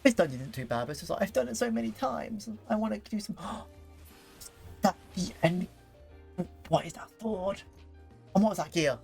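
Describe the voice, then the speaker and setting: A young man casually commenting while playing a game on stream, rambling and excitable, with lots of fillers and restarts. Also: sits high, normal speed, vocal fry, long pauses, breathy edge, soft background music.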